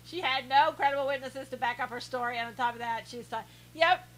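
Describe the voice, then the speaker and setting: A woman's voice: high-pitched, steady tone, fast, a bit bright, low-quality recording. A woman hosting a live stream, teasing her viewers with heavy sarcasm as she reads their comments aloud and laughs often.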